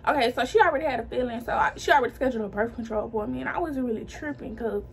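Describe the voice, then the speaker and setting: A young woman with a high voice tells her own story to camera in loose, slangy chat, calling her viewers y'all. She brings the people she quotes to life as she goes. A faint hum sits behind her. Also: racing, creaky.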